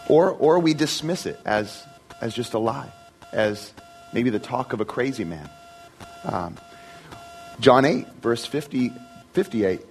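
A man's voice: medium pitch, low-quality recording. A man preaching a sermon in an earnest, emphatic way, often repeating and restarting words.

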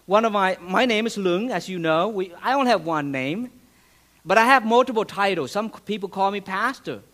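A man's voice: high-pitched, lively intonation, normal speed, a bit bright. A man preaching a sermon as a pastor, earnest, with restarts and a voice that rises and falls for emphasis.

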